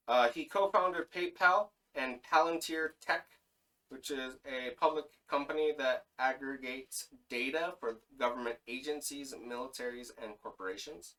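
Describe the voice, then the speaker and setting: A man's voice: mid-range voice, a bit bright, distant mic, low-quality recording. A man co-hosting a casual podcast, reading through a list of names with fillers and self-corrections. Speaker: podcast co-host.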